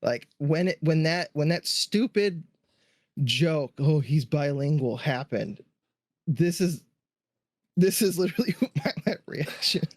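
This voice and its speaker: A man's voice: fairly high pitch, expressive, takes it slowly, pauses often, no echo, clean studio sound. A man co-hosting a podcast, reviewing a movie in casual chat, trailing off and restarting mid-thought. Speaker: podcast co-host.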